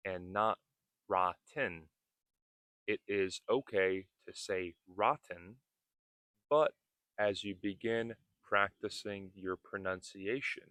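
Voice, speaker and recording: A man gives an English lesson in a low, unhurried voice, stretching each word out and repeating terms to show how they are said. The sound is dry and close, with no room echo around him. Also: a bit bright. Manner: deliberate, repeats words to model pronunciation. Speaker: English teacher. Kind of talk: slowed-down teaching talk. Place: outdoors on a building roof at a construction site.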